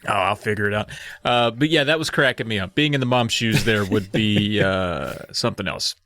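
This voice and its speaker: A man co-hosting a podcast, recapping a book in a casual comedic way, slipping into squeaky voices for the characters. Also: moderate pace, a little hiss or hum. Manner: animated, slips into high squeaky kid voices for quotes. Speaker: podcast co-host retelling a book.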